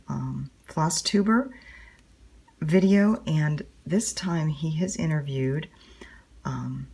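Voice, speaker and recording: A woman's voice: low-pitched, a little mellow. A woman rambling casually to her viewers while she stitches, chatty and full of fillers. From United States. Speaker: cross-stitch vlogger. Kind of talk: casual stitch-along chat.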